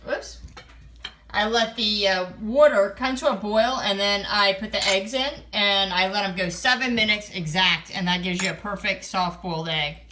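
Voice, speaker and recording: This home vlogger, partly outdoors, breezily recaps the meals she cooked for her family, dropping lots of small fillers. Her mid-pitched voice is bright and forceful, and she speaks at a normal speed.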